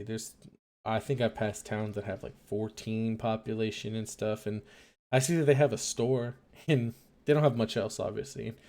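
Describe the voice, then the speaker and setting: Mellow-voiced man rambling on a stream. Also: fairly low pitch. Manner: rambling, hesitant, filler-heavy, musing aloud. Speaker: late-night radio-style stream host. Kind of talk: casual rambling monologue.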